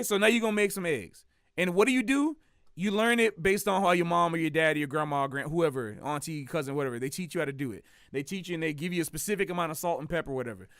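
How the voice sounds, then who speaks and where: Animated high-voiced man, dry sound. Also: no echo. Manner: animated, laughs often, slangy rhetorical questions. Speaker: jazz saxophonist. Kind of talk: casual opinionated talk to an audience.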